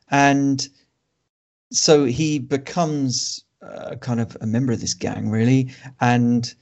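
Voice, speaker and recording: A man co-hosting a film podcast, reviewing a movie in a dry, sardonic way with many pauses and ums. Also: mid-range voice, creaky, darkish tone. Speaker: podcast co-host reviewing films. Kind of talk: casual film review chat. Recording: dull lo-fi podcast audio.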